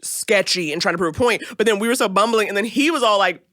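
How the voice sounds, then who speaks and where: A woman on a comedy podcast, spinning a story with lots of energy and acting out each person's voice as she goes. Her tone is bright and forward, and the studio sound is close and dry. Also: medium pitch, fast talker, no echo. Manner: animated, acts out voices while telling a story. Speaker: podcast guest.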